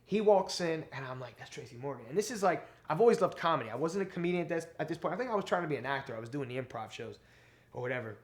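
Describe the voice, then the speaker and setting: A male stand-up comedian, telling stories in a casual interview, animated and profane, acting out quotes. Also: fairly high pitch, rapid-fire.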